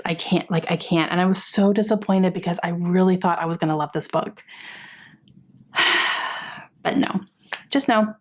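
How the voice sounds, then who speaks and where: A young woman vlogging a chatty book review, exasperated at times, with frequent sighs and fillers. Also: on the low side. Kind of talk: casual book review chat.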